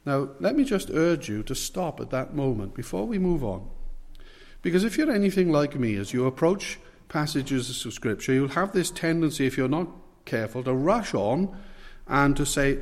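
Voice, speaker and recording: A man preaching a sermon, earnest and emphatic, often slowing and sinking into soft, low phrases. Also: expressive. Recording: long hall reverb.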